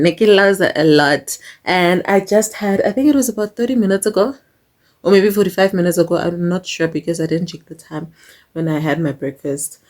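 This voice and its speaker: A woman's voice: on the low side, darkish tone. A young woman chatting casually to her vlog viewers, slipping into local-language phrases and laughing often. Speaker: vlogger. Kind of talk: casual chat.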